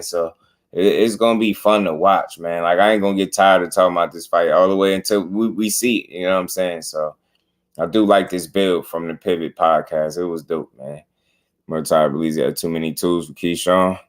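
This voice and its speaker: Casual host, low male voice, slangy rambling reaction talk. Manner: slangy, rambling, repeats "you know what I'm saying". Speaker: boxing commentary channel host.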